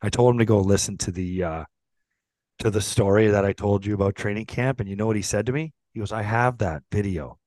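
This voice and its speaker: A middle-aged man, a former hockey player hosting a podcast, telling a profane, animated story and acting out the quotes. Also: on the low side, quick pace, no room sound. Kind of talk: casual storytelling chat.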